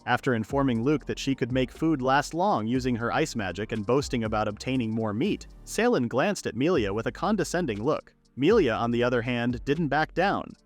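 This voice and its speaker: A man narrates a story recap in a steady, scripted read. His pitch moves up and down in a lively way. Soft music plays quietly underneath. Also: normal speed, few pauses. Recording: narration with faint background music.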